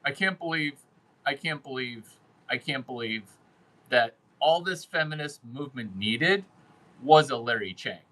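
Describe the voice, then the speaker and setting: A man's voice: mid-range voice, animated, unhurried, bright, forceful tone, rough recording. A man hosting a casual monologue, brash and crude, who repeats phrases for emphasis. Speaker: host giving dating and sales advice.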